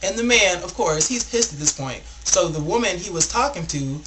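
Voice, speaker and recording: A young man vlogging a rambling, animated story, packed with filler words. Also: high voice, moderate pace, background noise. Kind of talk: casual storytelling vlog.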